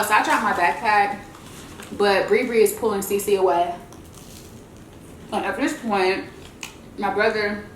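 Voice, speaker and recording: A woman vlogger tells a story between bites, chatty and animated, and talks to her viewers as y'all. Her voice sits in a mid range. The room adds a noticeable echo, with a faint hum underneath. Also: mid-range voice. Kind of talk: casual storytelling while eating.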